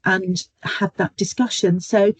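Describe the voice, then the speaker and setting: This guest speaker, a middle-aged nurse educator, shares anecdotes on a webinar via video call, chatty and peppered with ums. Her mid-range voice is breathy and steady at a slow pace, in a dry, low-quality recording.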